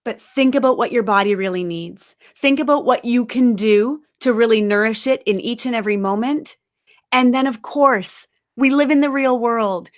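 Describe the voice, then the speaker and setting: A woman giving an encouraging, emphatic webinar talk as a nutrition coach, at times guiding a slow breathing exercise. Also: on the high side.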